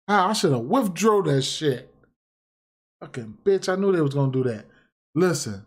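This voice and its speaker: A man's voice: a little high, lively intonation, normal speed, pauses often, breathy edge. A man ranting casually and profanely on a livestream about sports bets, repeating himself and getting heated. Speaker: sports betting streamer.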